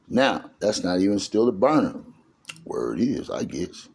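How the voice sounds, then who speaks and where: A man's voice: fairly low pitch, big pitch swings, fairly quick, dark tone, breathy edge. A middle-aged man telling his own life story in casual street slang, acting out the dialogue as he goes.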